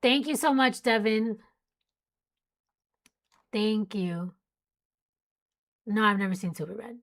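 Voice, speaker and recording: A woman's voice: medium pitch, slow pace. A young woman hosting a casual live weather stream, reading out storm warnings and chatting with viewers while sleepy and yawning. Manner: chatty, reads warnings then jokes with chat. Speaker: weather livestream host.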